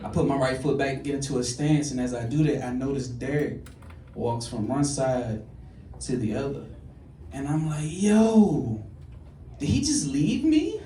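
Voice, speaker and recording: A male stand-up comedian telling a story on a club stage, animated, jumping to loud high bursts on the punchlines. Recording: echoey club, distant mic, audience noise.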